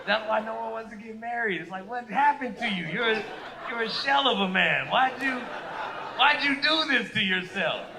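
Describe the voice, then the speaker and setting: A man's voice: sits high, normal speed, vocal fry, noisy background. A man doing a brash, profane, rambling stand-up comedy set.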